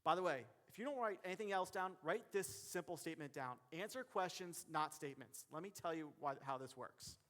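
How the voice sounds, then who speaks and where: Lively high-voiced male keynote speaker in a hall. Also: a little fast, hardly any pauses. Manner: lively, addresses the audience directly, acts out referee calls. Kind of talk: motivational keynote speech. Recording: long hall reverb.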